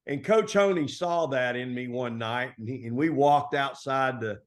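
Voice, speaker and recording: A middle-aged man from Texas, a basketball coach telling stories in a relaxed, folksy interview style full of colloquial turns. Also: mid-range voice, moderate pace. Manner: folksy, animated storytelling with Southern colloquialisms. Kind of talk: conversational storytelling interview.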